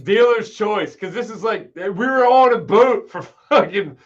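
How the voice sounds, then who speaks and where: A man's voice: high-pitched, animated, normal speed, a bit bright. Cursing man telling a rambling story. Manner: profane, rambling anecdote-telling. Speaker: host. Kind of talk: casual storytelling chat. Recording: dull lo-fi stream audio.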